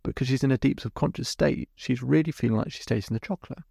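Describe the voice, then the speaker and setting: A man's voice: medium pitch, quick pace, vocal fry, dark tone, slightly rough, no room sound, clean studio sound. A middle-aged man hosting a podcast as a hypnotherapist, recounting a client session step by step and then explaining the method. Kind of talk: storytelling monologue.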